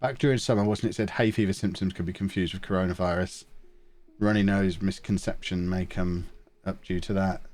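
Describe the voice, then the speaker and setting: A man's voice: low-pitched, fairly even intonation, a little fast, a little mellow, soft background music. A man with a sniffly, stuffed-up nose, chatting casually and rambling through a live stream while he plays a management game.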